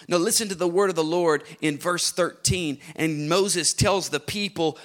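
A man preaching a sermon, repeating phrases with rising emphasis and moving from hushed whispers to fervent near-shouting. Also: on the high side, normal speed, hardly any pauses. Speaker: pastor.

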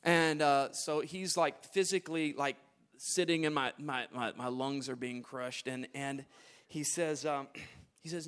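A man preaching a sermon, moving between quiet, low asides and loud, emphatic declarations, often repeating and restarting his phrases. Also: steady tone, unhurried, smooth.

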